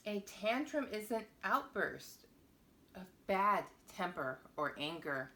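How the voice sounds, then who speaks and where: A woman reading a children's picture book aloud to young viewers, with a playful, expressive storytelling manner. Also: mid-range voice, takes it slowly.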